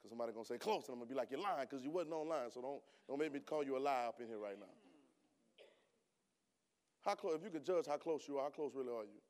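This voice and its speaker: The preacher's mid-range voice has lively intonation and moves at a quick pace. Addressing his congregation casually during the sermon, he pitches rhetorical questions, then builds to loud, emphatic outbursts.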